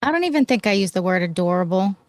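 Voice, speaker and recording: A woman co-hosting a casual live-stream show, gossiping and teasing her co-host with quick retorts. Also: mid-range voice, lively intonation, darkish tone, no echo. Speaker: podcast co-host.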